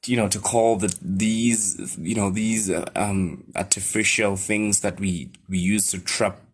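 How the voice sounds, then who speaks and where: A man's voice: on the low side, steady tone, a little slow, husky. A South African man giving a loose, rambling science lesson, often checking in with his listeners and filling gaps with ums and "right?". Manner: rambling, talks to listeners with many fillers and "right?". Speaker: teacher. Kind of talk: informal lecture.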